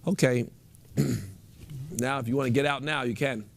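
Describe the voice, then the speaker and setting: A man guiding a group through a meditation, speaking in a relaxed, instructive way and repeating his phrases. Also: mid-range voice, moderate pace. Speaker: meditation teacher. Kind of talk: guided meditation with a live group.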